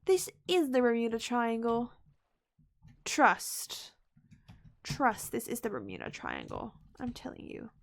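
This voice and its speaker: A woman's voice: a little high, wildly swooping pitch, slow, vocal fry, pauses often. A woman streaming a game, talking to herself in a playful, chatty way, often repeating words and dropping into whispered asides. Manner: playful, chatty self-talk while playing. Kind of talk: live gameplay commentary.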